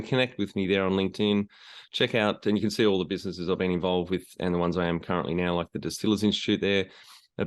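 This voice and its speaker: An Australian man speaking as a podcast guest over a remote call, relaxed and plain-spoken. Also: sits low. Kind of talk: casual podcast interview.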